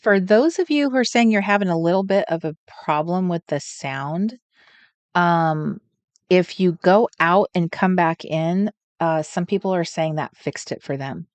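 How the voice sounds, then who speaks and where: A woman hosting a live crafting stream, chatting casually, thinking out loud and greeting viewers by name. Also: fairly low pitch, measured pace, dry recording. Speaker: crafting livestream host. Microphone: desk setup with overhead camera.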